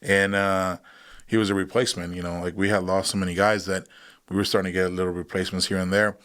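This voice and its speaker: A man in his thirties with a somewhat low voice, talking as a podcast guest. He tells his story in a loose, casual way, jumping into the voices of the people in it and laughing as he goes. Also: fast. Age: 30s. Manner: animated, acts out voices in his stories, laughs often. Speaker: guest, combat veteran.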